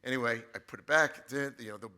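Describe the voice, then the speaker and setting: Bright-voiced man telling a story. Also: medium pitch, quick pace. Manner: animated storyteller with frequent restarts. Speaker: guest author. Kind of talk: casual anecdote telling.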